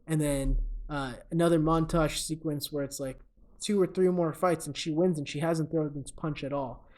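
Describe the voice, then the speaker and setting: A man's voice: on the high side, fairly even intonation, moderate pace, a little mellow. A young man co-hosting a podcast, casually retelling a movie's plot with lots of ums and uhs and chuckling at his own jokes. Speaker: podcast co-host. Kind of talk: casual comedic movie recap.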